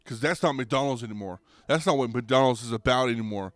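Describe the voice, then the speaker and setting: A man's voice: fairly quick, no echo. Profane rambling young podcast guy. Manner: rambling, profane, restarts, goes loud and high when riled. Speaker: podcast host. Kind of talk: comedic rant.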